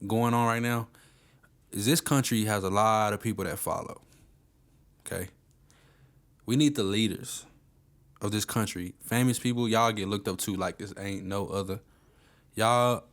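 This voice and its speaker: A man's voice: fairly low pitch, steady tone, moderate pace, long pauses, a bit bright. Blunt, emphatic man co-hosting a podcast. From Texas. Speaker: podcast co-host. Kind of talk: casual discussion.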